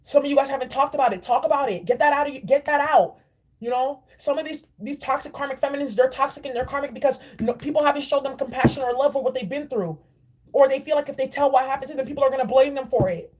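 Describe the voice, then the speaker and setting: A woman's voice: high-pitched, fast, darkish tone. A woman giving a spiritual oracle card reading in a blunt, preachy and profane way. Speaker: spiritual reader.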